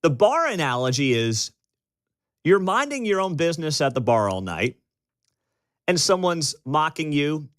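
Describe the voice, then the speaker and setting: American male radio host, lively pitch, dry close studio sound, emphatic storyteller. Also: a little slow, pauses often, dry recording. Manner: animated, emphatic, storytelling with acted-out quotes. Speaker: radio talk show host. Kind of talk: opinionated talk radio monologue.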